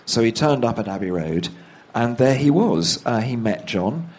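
A man's voice: mid-range voice, animated, moderate pace, a little mellow. A man, the author being interviewed, telling anecdotes at length and acting out the voices he quotes. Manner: anecdotal, acts out quoted voices, laughs at own stories. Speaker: author and guest. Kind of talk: conversational storytelling interview.

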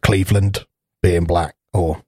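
A man's voice: low-pitched, steady tone, takes it slowly, a little mellow, breathy edge, no echo, studio quality. A man, co-hosting a podcast in casual chat, rambling, laughing often and swearing freely. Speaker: podcast co-host.

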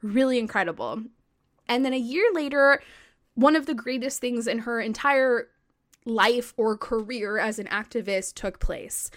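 A woman co-hosting a podcast, telling history in a casual, excitable way, full of "like" and the odd swear. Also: on the high side, unhurried. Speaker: podcast co-host.

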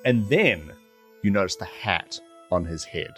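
A man's voice: low-pitched, expressive, unhurried, a bit bright. A man, a tabletop game player, describing his character in a rambling casual way. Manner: rambling, many fillers and restarts. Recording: music playing underneath.

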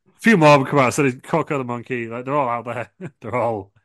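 A man's voice: medium pitch, a little fast, fairly bright tone, no echo. A man co-hosting a comedy podcast, telling a rambling made-up story with lots of ums, restarts and giggles. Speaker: podcast co-host.

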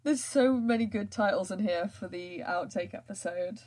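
A woman's voice: mid-range voice, normal speed, a little mellow. Rambling, giggly woman podcaster. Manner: laughing, rambling, full of fillers. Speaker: podcast host and writer. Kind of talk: casual chat.

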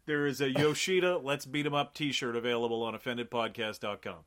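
A man co-hosting a casual movie podcast, animated and profane, cracking dark jokes. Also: mid-range voice, a little fast. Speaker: podcast co-host.

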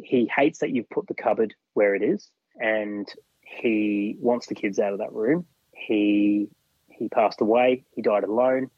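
Low husky guy telling a story on a podcast, acts out what people said, dry dull-sounding audio. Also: a little slow, no room sound. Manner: recounts events animatedly, often acting out others' words. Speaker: podcast guest. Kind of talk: casual storytelling. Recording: dull lo-fi recording.

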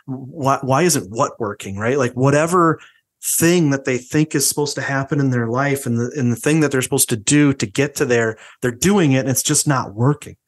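A man's voice: medium pitch, normal speed. A man co-hosting a podcast, talking casually about faith and often checking in with "right?". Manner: conversational, repeats "right?" often. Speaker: podcast co-host.

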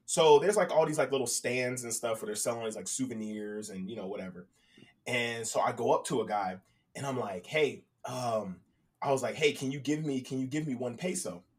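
A man telling a casual story on a podcast, profane and animated, acting out both sides of conversations. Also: medium pitch, a little fast, distant mic.

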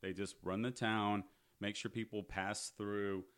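A man's voice: on the low side, little pitch movement, a little slow, a bit bright, smooth. A man hosting a podcast, casually recapping a movie with sardonic, profane storytelling. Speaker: podcast host.

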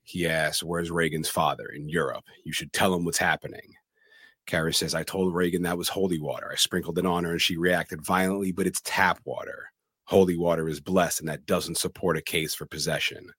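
A man co-hosting a casual podcast, retelling film scenes in a plain, steady way. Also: sits low, brisk, breathy edge, no echo, studio quality. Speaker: podcast co-host.

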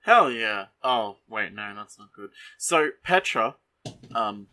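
A man co-hosting a podcast, casually sharing behind-the-scenes trivia in a halting way, full of ums and likes. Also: lowish voice, lively intonation, sharp tone. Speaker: podcast co-host.

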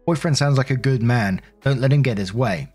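A man's voice: mid-range voice, brisk, darkish tone, husky, soft background music. A British man narrating posts from an online forum and adding his own blunt, casually sworn comments. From United Kingdom. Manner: blunt, swears casually in asides. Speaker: storytelling channel narrator.

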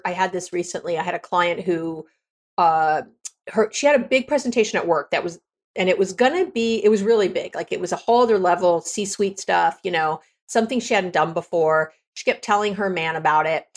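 Candid woman coaching couples. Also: mid-range voice. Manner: candid, conversational, self-correcting. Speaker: relationship coach. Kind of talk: podcast monologue.

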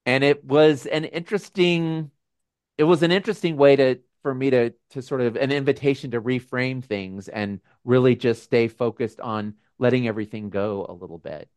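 A man hosting a casual video call with his members, talking in a gentle, musing way with frequent restarts. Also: medium pitch, dry recording. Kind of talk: casual reflective talk.

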